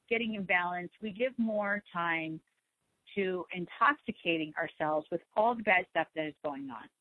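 A woman's voice: medium pitch, dry recording. Soothing woman host on a phone line. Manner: gentle, repetitive, reassuring. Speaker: spiritual talk show host. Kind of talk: slow soothing talk on meditation and letting go.

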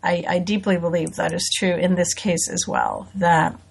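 A woman's voice: fairly low pitch, very animated, moderate pace, vocal fry, husky. A woman in her forties hosting a radio talk show, chatty and self-deprecating, with fillers and little laughs. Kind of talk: casual radio talk with readings.

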